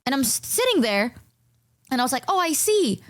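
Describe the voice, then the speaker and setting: Young female streamer, casual and swearing, voices the other people in her stories, slightly high voice, dry close sound. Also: fairly quick, no echo. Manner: animated, swears a lot, acts out dialogue in higher voices.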